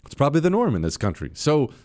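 A man's voice: fairly high pitch, huge pitch swings, fast talker, a little mellow. A middle-aged man hosting a talk radio show, delivering an opinionated monologue with emphatic swings while fighting the hiccups. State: has the hiccups.

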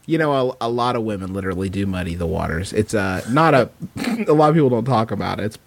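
A man's voice: lowish voice, animated, quick pace, creaky. A man co-hosting a comedy podcast, joking around and reading out listener questions. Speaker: podcast co-host. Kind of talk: casual comedic banter.

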